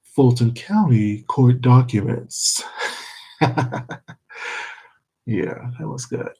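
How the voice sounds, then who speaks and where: A man's voice: medium pitch, drawn-out words, warm tone, husky, low-quality recording. A man chatting casually with his viewers on a stream, rambling, laughing and swearing freely. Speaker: livestreamer.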